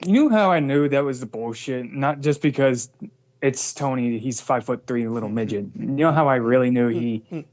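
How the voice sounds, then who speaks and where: A man's voice: medium pitch, moderate pace, a little mellow. A male co-host trades crude, mocking jabs on a heated livestream show. His sound is slightly muffled and lo-fi.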